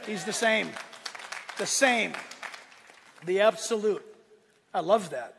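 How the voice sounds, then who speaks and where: High-voiced male pastor in a reverberant hall. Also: slow, vocal fry, long pauses, husky, some chatter behind. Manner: emphatic, with sudden swings between loud declarations and quiet asides. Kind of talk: sermon.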